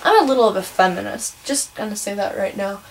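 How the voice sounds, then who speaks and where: A woman's voice: medium pitch, fairly quick, a little hiss or hum, rough recording. A teenage girl from Wisconsin talks with a Midwestern American accent. She rants casually and with strong opinions. She fills her talk with ums and sos. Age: teens. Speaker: vlogger. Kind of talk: casual ranting vlog.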